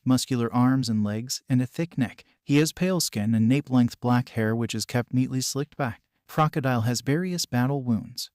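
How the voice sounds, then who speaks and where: Steady man narrating a fan story. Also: mid-range voice, no echo, studio quality.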